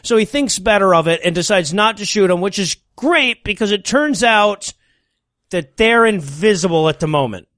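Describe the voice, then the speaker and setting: A man's voice: high-pitched, animated, normal speed, a bit bright, no echo, studio quality. A man co-hosting a comedy podcast, recapping a film with sarcastic asides and frequent laughs. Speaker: podcast co-host.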